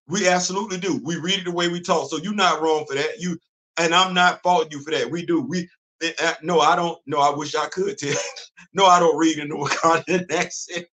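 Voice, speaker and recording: A man in his fifties talks casually on his own livestream. His voice sits a little high and has a bright, forceful ring. He preaches his points, repeating lines for emphasis and laughing between them. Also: steady tone, brisk. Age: 50s. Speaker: livestream host. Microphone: computer mic on a streaming setup.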